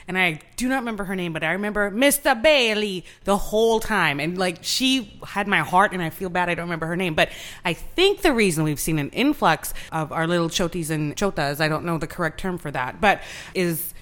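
Woman cohost rambling casually, lowish voice, laughs a lot between bits. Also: expressive, fairly quick, fairly bright tone. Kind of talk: casual chat.

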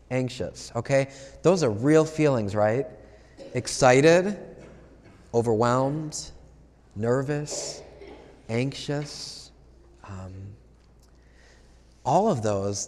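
A man's voice: medium pitch, darkish tone. A male priest giving a conversational homily, putting questions to the congregation. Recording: long hall reverb.

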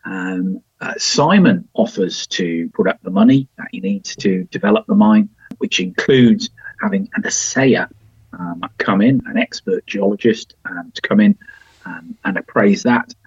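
A man's voice: fairly low pitch, wildly swooping pitch, unhurried, creaky, husky, no echo. A man hosting a casual review podcast, chatty and wry, with plenty of ums and restarts. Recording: dry, slightly dull home recording.

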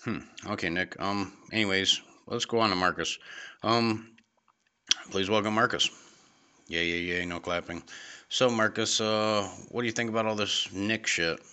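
A young man hosting an amateur comedy podcast, hesitant and deadpan, with many pauses. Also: lowish voice, smooth. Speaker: host.

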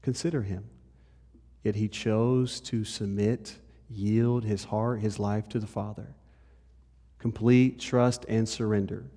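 A male pastor giving a conversational sermon. He moves between lively and hushed delivery and speaks straight to the congregation. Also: on the low side, slow, breathy edge. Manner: conversational preaching, shifts between animated and hushed. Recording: long hall reverb.

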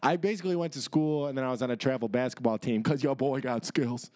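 A man in his twenties, a podcast co-host, telling a rambling story in casual chat, animated and swearing freely as he acts out the people in it. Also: medium pitch, fast.

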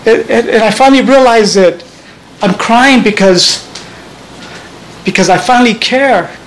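A man's voice: extremely high pitch, measured pace, a bit bright, a little hiss or hum, rough recording. A man preaching a sermon as pastor, earnest and conversational, often restarting his phrases.

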